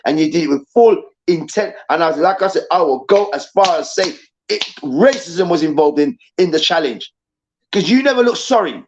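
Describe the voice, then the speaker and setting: A man hosting a football debate show, ranting angrily and profanely and hammering his points with repetition. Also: high voice. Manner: angry, profane, emphatic repetition. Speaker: host. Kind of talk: heated football debate rant. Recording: dull lo-fi sound.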